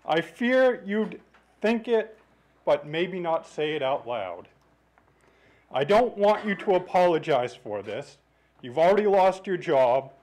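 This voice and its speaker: A man reading a prepared letter aloud at a city council meeting in a measured, earnest way, into a podium microphone. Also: fairly high pitch, big pitch swings, darkish tone, slight background noise, poor audio. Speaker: resident speaking at public comment.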